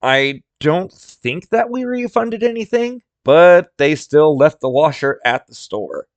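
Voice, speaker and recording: A man's voice: fairly high pitch, expressive, slow, no echo, muffled recording. A man hosting a solo podcast, telling workplace stories in a candid, blunt way with casual swearing. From rural area. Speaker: podcast host.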